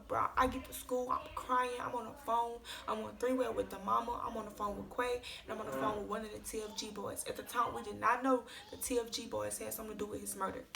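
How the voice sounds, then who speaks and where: A young woman recounts a painful story in a loose, slangy way, her words tumbling out in an upset rush. Her voice sits a bit high and has a gravelly, fried edge. A clear hiss of background noise runs under the whole recording. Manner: casual slangy retelling, tearful and rushed. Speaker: vlogger. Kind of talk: emotional storytime.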